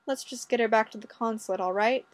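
A woman's voice: on the high side, quick pace, no room sound, natural voice. Woman reading as a courteous male Mountie. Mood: polite. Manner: courteous, gently pleading. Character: polite, patient male Canadian Mountie.

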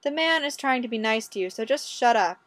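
A woman's voice: on the high side, animated, fairly quick, a bit bright. A woman voicing a brash, short-tempered male city cop who talks bluntly and swears. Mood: irritated.

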